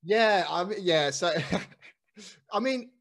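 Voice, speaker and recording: This is an Englishman with a soft London accent, guesting on a casual podcast. He often pauses and hedges with fillers before he gets to his answer. His voice sits a little on the high side. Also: lively intonation. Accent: slight London. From England. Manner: hesitant, many fillers. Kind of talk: casual interview chat.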